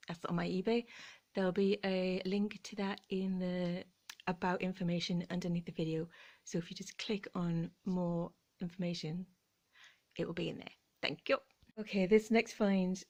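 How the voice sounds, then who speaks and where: A woman chatting casually as she shows off her thrift finds, often dropping into soft whispers and laughing. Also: medium pitch. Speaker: vlogger showing thrift finds. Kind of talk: casual chat.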